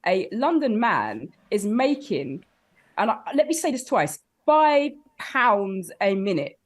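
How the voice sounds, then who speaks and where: A woman guest on a comedy podcast panel, telling stories in a lively, laughing way full of big exclamations. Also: mid-range voice, takes it slowly. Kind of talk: comic podcast banter.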